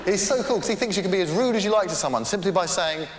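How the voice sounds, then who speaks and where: A man doing live stand-up on a theatre stage, rambling and self-deprecating with halting restarts. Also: high voice, lively intonation, noisy background. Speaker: stand-up comedian. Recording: echoey theatre with crowd. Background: audience laughter.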